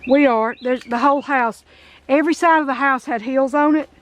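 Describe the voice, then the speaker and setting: A woman's voice: sits high, normal speed, slight background noise. Folksy Southern woman vlogging outdoors. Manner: chatty, folksy, emotional. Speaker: vlog host. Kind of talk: casual vlog walkthrough. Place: outdoors at an abandoned house.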